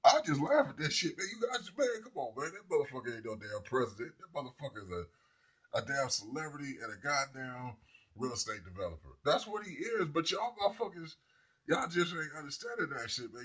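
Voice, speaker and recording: A man's voice: fairly high pitch, very animated, a little fast, a bit bright, husky. A man delivering a rambling, profane comedic rant to his viewers. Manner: profane, rambling, laughs at people. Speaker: vlogger.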